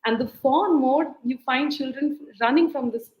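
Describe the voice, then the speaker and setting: Over a video call in a live-streamed interview, a life skills coach with a high voice offers earnest parenting advice at normal speed. She animatedly acts out quoted voices and repeats her key points, on a low-quality recording with a roomy sound.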